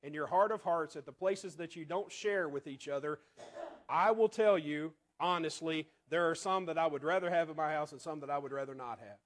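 High-voiced male preacher, quiet asides. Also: fairly quick. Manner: conversational preaching, rhetorical questions, drops to quiet asides. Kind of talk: sermon.

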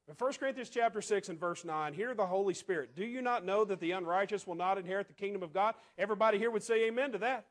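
A man with a high-pitched voice preaches a sermon conversationally, posing rhetorical questions to the congregation and often dropping into quiet asides.

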